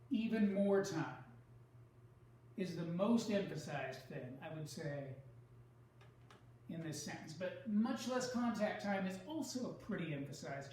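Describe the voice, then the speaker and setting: A man teaching a recorded online writing lesson, explaining step by step in a measured way and leaning on key words. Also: high-pitched, a little mellow, heavy reverb, far from the mic, slight background noise, poor audio.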